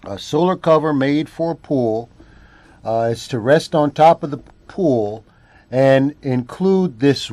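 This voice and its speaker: A man's voice: medium pitch, darkish tone, no room sound. A male math teacher working through a word problem step by step, often repeating phrases and checking in with "all right?". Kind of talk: classroom lesson walking through a problem.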